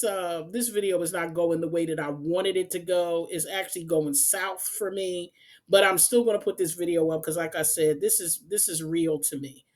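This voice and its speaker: A woman hosts an unedited commentary vlog, talking straight to her viewers in an exasperated, emphatic and repetitive way. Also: lowish voice. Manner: direct address to the audience. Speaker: channel host.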